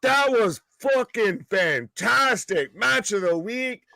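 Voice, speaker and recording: A man co-hosting a live wrestling reaction stream, excitable and profane, his voice going hoarse. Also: sits high, takes it slowly, dry recording, studio quality. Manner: excitable, profane, calls the action. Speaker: wrestling co-host.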